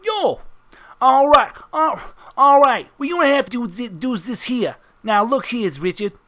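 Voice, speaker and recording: A man's voice: very high voice, lively intonation, measured pace, pushed and bright, voice pushed up, full character voice. A man voicing a brash, theatrical male mobster henchman who talks tough and calls people son. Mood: pushy. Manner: tough-guy street talk, calls everyone son.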